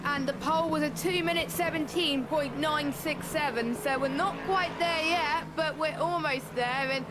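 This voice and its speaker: Woman co-host of a sim racing stream, high voice, chatty with lots of ums, noisy hiss behind. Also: unhurried, hardly any pauses. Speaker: co-commentator.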